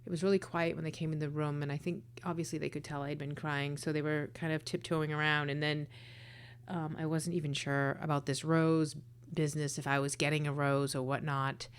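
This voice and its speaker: Woman, low pitch, casual storytelling, earnest, breathy hushed moments. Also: level tone, fairly quick. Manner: emotional, earnest, drops to a breathy whisper at times. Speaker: storyteller sharing a personal experience.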